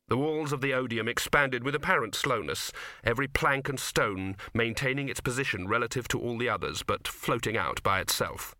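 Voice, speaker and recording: Guy reading a novel aloud, steady pace, really bright voice, dry. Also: medium pitch, a little fast, no room sound. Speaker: audiobook narrator. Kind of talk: scripted narration.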